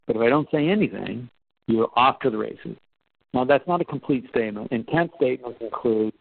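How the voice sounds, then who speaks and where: A man giving a storytelling talk about leadership, conversational and animated, acting out quotes. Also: creaky, dry recording. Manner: animated, acts out quotes with rising pitch; conversational, with fillers and restarts. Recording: tinny phone-like, dry.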